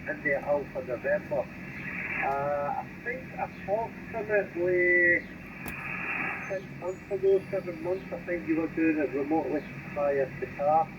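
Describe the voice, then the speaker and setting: A man calling in over CB radio, chatting in a brief, matter-of-fact way. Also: a little high. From Scotland. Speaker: CB radio caller. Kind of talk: casual radio chat. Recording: muffled radio signal with hiss.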